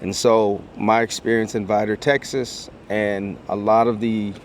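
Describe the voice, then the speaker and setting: A man's voice: lowish voice, level tone, unhurried, a little hiss or hum. Earnest middle-aged man telling a story. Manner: earnest, builds with repeated phrases like a preacher. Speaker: educator and speaker. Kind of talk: personal storytelling vlog.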